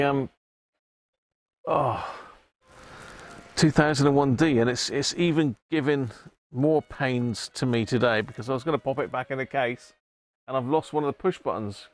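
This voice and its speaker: A livestream host with a mid-range voice talks at normal speed during a casual live chat. He greets viewers by name while chatting with them and laughs frequently.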